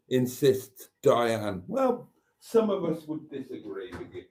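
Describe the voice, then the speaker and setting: Man from Wales with a Birmingham accent, casual and jokey livestream host, frequent throat-clearing. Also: mid-range voice, wildly swooping pitch, slow, darkish tone. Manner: chatty and jokey, clears his throat often. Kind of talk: casual livestream chat reading viewer comments.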